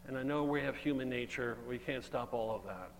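A man's voice: medium pitch, a little fast, creaky. Male preacher in an echoing hall. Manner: earnest, emphatic preaching with Bible reading. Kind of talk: sermon. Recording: long hall reverb, faint hum.

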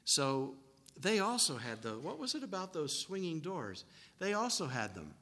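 Man, preacher, folksy storytelling sermon, bright voice, long hall reverb. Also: fairly high pitch, sing-song, normal speed.

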